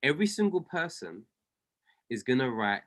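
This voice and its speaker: A man's voice: medium pitch, big pitch swings, normal speed. A man coaching a group of traders on a video call. He speaks with fervent conviction, repeats key lines for emphasis, and calls people by name. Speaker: trading coach.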